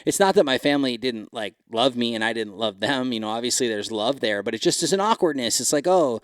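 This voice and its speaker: A man's voice: medium pitch, fast, no echo, clean studio sound. A man from the US East Coast with a Boston accent, co-hosting a casual podcast chat and telling stories with lots of restarts. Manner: animated storyteller, many restarts and quoted voices. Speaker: podcast co-host.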